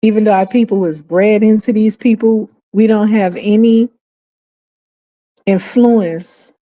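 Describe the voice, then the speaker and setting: A woman's voice: mid-range voice, fairly even intonation, measured pace, dark tone. A woman from New Orleans with a New Orleans accent, hosting a casual livestream and talking in an emphatic, exasperated way with frequent profanity. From New Orleans, USA. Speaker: livestream host. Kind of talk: casual opinionated livestream talk.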